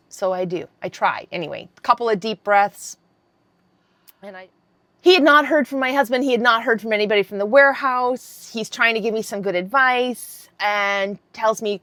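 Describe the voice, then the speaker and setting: A woman in her fifties tells a story straight to camera in a voice set a little on the high side. Her delivery is animated and candid, with casual swearing. The sound is close and dry. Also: moderate pace, no room sound. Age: 50s. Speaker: vlogger.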